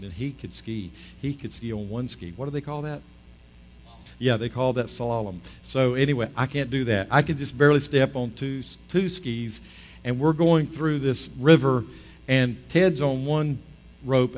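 A middle-aged male pastor preaching a sermon, telling a story with chatty asides and rising to emphatic appeals. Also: medium pitch.

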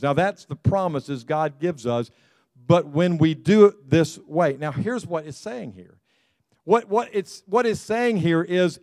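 A man's voice: on the high side, a little mellow, clear, resonant tone, no echo. A male pastor, preaching a conversational sermon with chuckles and restarts.

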